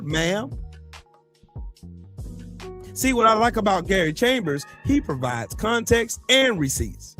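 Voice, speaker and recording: A man's voice: fairly high pitch, fairly bright tone. Blunt, profane man ranting. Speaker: podcast co-host. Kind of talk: heated political commentary.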